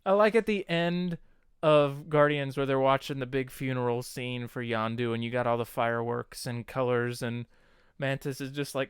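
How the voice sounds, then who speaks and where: A man's voice: mid-range voice, steady tone, normal speed, clean tone, no echo, clean studio sound. A man co-hosting a podcast in casual chat, laughing often and acting out movie lines. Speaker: podcast co-host.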